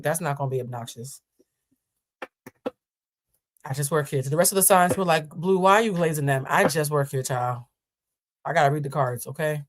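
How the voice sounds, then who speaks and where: A woman hosting a live tarot reading, chatting with viewers in a sassy, playful way. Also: sits low. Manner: sassy, playful and chatty, calls listeners "child". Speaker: tarot card reader hosting a live stream. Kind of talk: casual live-stream tarot reading, answering chat.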